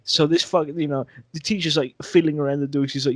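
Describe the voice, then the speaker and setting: A young man co-hosting a podcast, telling a story in a profane, excitable way. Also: on the high side, fairly quick, no echo. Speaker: podcast co-host. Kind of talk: casual storytelling chat.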